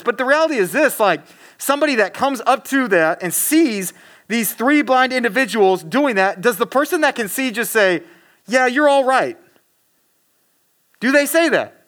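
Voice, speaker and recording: Man, high voice, casual preacher, chatty and animated with fillers; talks right to the audience. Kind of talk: casual sermon.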